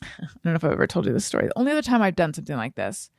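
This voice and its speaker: Animated woman telling a story. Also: lowish voice, racing, creaky, dry recording, studio quality. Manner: animated storytelling, acts out quotes loudly. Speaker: podcast co-host. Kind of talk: casual chat.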